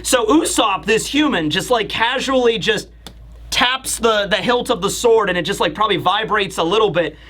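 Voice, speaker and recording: Male YouTube manga reviewer, high and bright, animated and rambling. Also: normal speed. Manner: animated, rambling, talks straight to viewers. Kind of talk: casual video review commentary.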